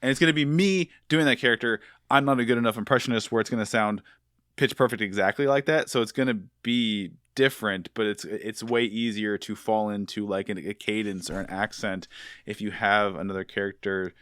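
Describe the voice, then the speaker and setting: A man hosting a podcast, chatty and enthusiastic, with a somewhat low voice. The sound is dry and close, from a studio. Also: steady tone, a little fast, a bit bright, no echo. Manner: enthusiastic, chatty, with filler words. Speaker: podcast host. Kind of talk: casual podcast interview.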